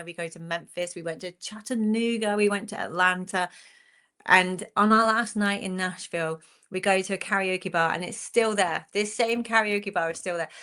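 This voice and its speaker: A woman in her forties, a country singer chatting as a guest and telling stories in a lively, animated way. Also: mid-range voice. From England. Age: 40s. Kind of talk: casual chat.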